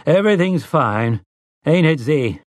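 A man voicing a patient farmer father who coaxes in a gentle, firm, rustic folksy dialect. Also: fairly high pitch, expressive, unhurried, no echo, studio quality, voice pushed up. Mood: coaxing.

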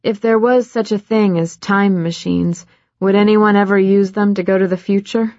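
A woman's voice: medium pitch, steady tone, moderate pace, darkish tone, no echo, pitched above the performer's own voice, close to an everyday voice. A woman voicing a guarded, nervous young woman with wry, hesitant replies, on dry, slightly muffled audio. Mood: wistful.

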